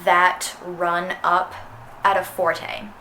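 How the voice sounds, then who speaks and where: A woman's voice: on the low side, little pitch movement, extremely slow, sharp tone. Young woman, clarinet teacher, casual and chatty, sings phrases aloud; roomy echo, faint background noise. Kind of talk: instructional music lesson. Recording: echoey room with faint noise.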